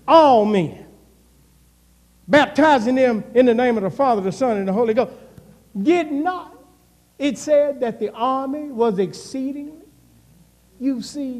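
This man's voice is extremely high yet darkish in tone. As pastor, he preaches a sermon with call and response, his intensity swinging up and down, in a church hall full of reverb.

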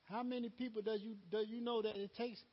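Man, lay preacher, high husky voice, folksy and laughing, muffled lo-fi church tape. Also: flat delivery, a little fast. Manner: folksy, laughing, repeats words, quotes conversations. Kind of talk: unscripted sermon.

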